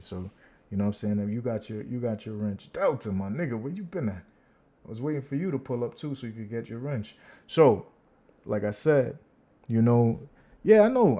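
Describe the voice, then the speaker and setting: A man's voice: mid-range voice, dark tone. Brash taunting man hosting a livestream. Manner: brash, taunting, slangy, addresses chat directly. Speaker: livestream host. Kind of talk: casual livestream chat.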